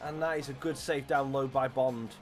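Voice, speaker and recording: A man streaming a football video game, giving jokey, excitable play-by-play and talking back to the players and referee. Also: medium pitch, moderate pace, faint music behind. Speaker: gaming streamer. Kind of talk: live commentary over a football video game.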